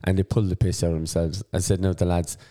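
A man's voice: deep voice, flat delivery, fast talker, dark tone. A man co-hosting a podcast, trading banter and telling stories about running pub quizzes, acting out what people said. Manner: banter-heavy storyteller, acts out quotes. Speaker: podcast co-host and pub quiz host. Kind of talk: casual chat.

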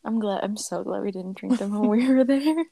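A young woman talks easily with a friend over a video call, thoughtful and heavy on fillers. Her voice has a gravelly vocal fry. The sound is dry and close. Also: medium pitch, moderate pace, dark tone, dry recording, rough recording. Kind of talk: casual chat, quiz game.

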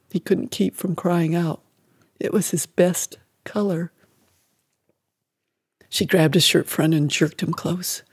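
A man reading an audiobook in a measured, dramatic way that drops to a quiet, hushed tone. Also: on the high side, vocal fry, husky, no echo, studio quality. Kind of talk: scripted audiobook narration.

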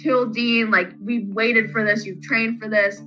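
A woman co-hosting a casual fan podcast, retelling scenes in a rambling, animated way. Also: fairly high pitch, unhurried, highs cut off, soft background music. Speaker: podcast co-host.

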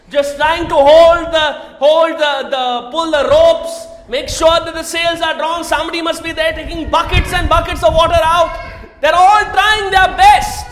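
High bright voiced preacher man, echoey hall, keeps questioning the crowd and getting loud. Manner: emphatic, asks the congregation questions, often raises voice. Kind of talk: sermon.

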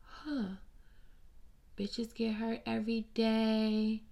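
Gravelly, blunt woman dishing gossip. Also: on the high side, extremely slow. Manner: blunt, profane, animated and sassy. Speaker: host. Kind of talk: casual celebrity gossip commentary.

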